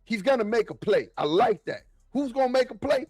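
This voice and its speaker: A man talking football in a casual, excitable, slangy way, often repeating himself. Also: very high-pitched, fairly quick, breathy edge, no echo, soft background music. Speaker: football podcast guest. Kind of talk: casual sports talk.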